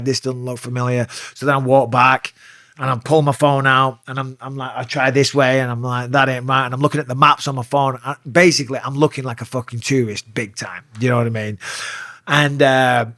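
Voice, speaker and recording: A man in his forties with a Northern English accent, telling a story in sweary, animated casual talk as an interview guest. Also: mid-range voice, no echo, clean studio sound. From England. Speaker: interview guest, former fighter.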